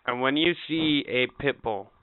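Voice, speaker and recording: Podcast dude with a smooth voice, swearing and joking, phone-line kind of sound. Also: male voice, medium pitch, moderate pace, no echo. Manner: profane and joking. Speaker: podcast co-host. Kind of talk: crude comedic chat.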